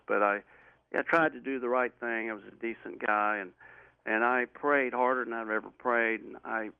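A man's voice: mid-range voice, vocal fry, no room sound. A man as an interview guest, telling a personal story in an earnest, rambling way with many restarts, heard over a phone line. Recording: tinny phone-line audio.

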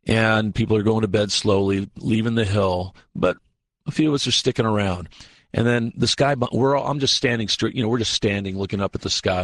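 Husky-voiced man telling a story on the radio. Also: fairly low pitch, no room sound. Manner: animated, acts out quotes, frequent fillers and restarts. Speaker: radio show guest, researcher. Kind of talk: casual storytelling on a radio show. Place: radio studio.

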